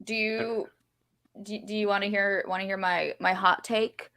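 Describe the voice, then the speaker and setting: Playful raspy-throated woman. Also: medium pitch, flat delivery, normal speed, sharp tone. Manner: playful, teasing, laughs often. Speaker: podcast co-host. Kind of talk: casual podcast chat.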